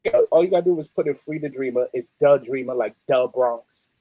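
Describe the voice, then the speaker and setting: A middle-aged man, a musician guest telling stories in a streetwise, animated way. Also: mid-range voice, a little fast, no echo, muffled recording. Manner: animated, streetwise, peppered with "you know what I mean". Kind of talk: casual interview storytelling.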